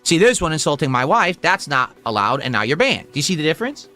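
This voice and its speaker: A man's voice: fairly high pitch, big pitch swings, quick pace, bright, forceful tone, faint music behind. A man hosting a livestream, talking straight to his chat at home in a blunt, profane, exasperated way. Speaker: livestream host. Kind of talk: casual livestream talk to chat.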